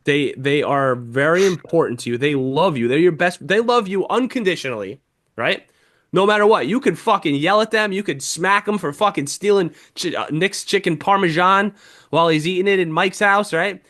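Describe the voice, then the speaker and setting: A man's voice: high voice, normal speed, a bit bright. Swearing young man telling a sad story. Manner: heavy swearing, emotional storytelling. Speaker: podcast co-host. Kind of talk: casual chat.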